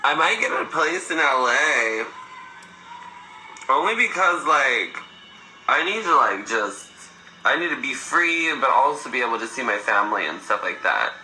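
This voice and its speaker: A young man in his twenties talks on a phone livestream in a campy, sassy way, his voice sharp and very bright. The room is echoey, with faint music playing behind him. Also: mid-range voice, big pitch swings, a little slow. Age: 20s. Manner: sassy, campy storytelling, swears freely, laughs often. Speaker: livestream host. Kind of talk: casual livestream chat.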